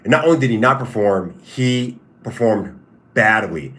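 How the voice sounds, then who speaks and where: A man's voice: lowish voice, animated, unhurried, fairly bright tone. Stop-start man chatting on a livestream. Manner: repetitive, stop-start, emphatic. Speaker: livestream host and fighter. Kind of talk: casual livestream commentary, answering chat.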